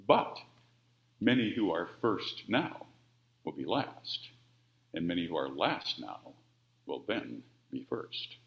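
A low-voiced man delivers a sermon with lively, sweeping rises and falls in pitch and volume. He is heard in a roomy, echoing space, and the audio is dull and muffled. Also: slow, vocal fry, pauses often. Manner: expressive, with wide swings of pitch and volume. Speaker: preacher.

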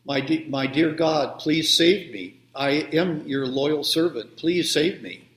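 A man's voice: on the high side, slow pace, a bit bright. A man voicing a devout, stubborn man stuck on a flooded roof, in a pleading and indignant way during a children's sermon story, with roomy echo.

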